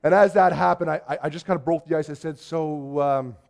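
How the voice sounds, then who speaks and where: A Canadian youth pastor telling a story in a sermon, acting out the voices of the people in it. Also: male voice, a little high, racing, gravelly. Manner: animated storyteller, acts out quoted voices.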